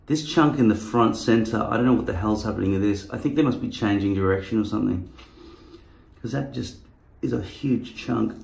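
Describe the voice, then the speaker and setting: A man with a low, gravelly voice rambles casually through a vlog, swearing often. The sound bounces around an echoey room. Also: brisk, darkish tone. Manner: rambling and profane. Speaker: vlogger. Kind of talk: casual chat.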